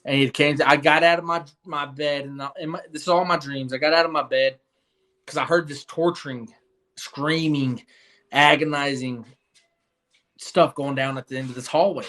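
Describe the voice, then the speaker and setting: A young man recounts his experiences in a loose, earnest interview manner. He rambles and restarts his sentences, filling gaps with "you know", and his voice sits a little high for a man. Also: fairly even intonation, moderate pace, bright, forceful tone. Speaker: guest. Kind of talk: casual storytelling interview.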